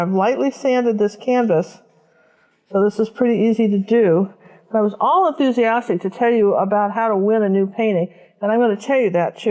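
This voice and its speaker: A woman's voice: mid-range voice, warm tone, muffled recording. Chatty woman teaching a painting lesson. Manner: chatty, talks while working, thinks aloud. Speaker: painting instructor.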